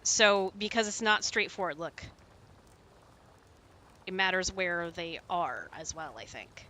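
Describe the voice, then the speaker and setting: Bright-voiced chatty woman streamer. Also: on the low side, slow pace, a little hiss or hum. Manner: chatty, reads out viewer chat. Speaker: streamer co-hosting. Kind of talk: casual live-stream chat.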